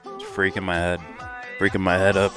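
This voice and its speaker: A man's voice: deep voice, completely flat delivery, normal speed, over music. A man hosting a casual reaction livestream, reading chat and arguing his points in a rambling way. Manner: rambling, argumentative, reads chat aloud. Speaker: livestream host.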